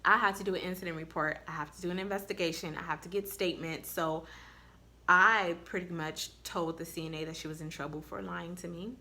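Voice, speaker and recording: A woman's voice: lowish voice, steady tone, a little fast, pushed and bright. A woman nurse giving casual advice to her viewers, telling candid stories with blunt swearing. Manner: blunt, candid storytelling with profanity; speaks straight to viewers.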